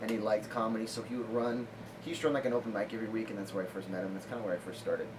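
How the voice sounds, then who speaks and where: A man's voice: fairly low pitch, steady tone, rapid-fire. A male comedian telling a rambling, casual story, laughing often and filling his speech with "like.". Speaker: comedian guest. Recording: audible background noise.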